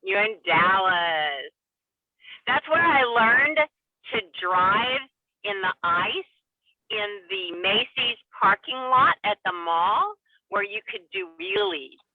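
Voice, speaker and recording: A woman comedian calling in by phone, telling stories in an animated way and laughing often. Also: medium pitch, slow pace, no room sound. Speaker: guest comedian. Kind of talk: casual chat with storytelling. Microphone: phone call. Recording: tinny dry phone line.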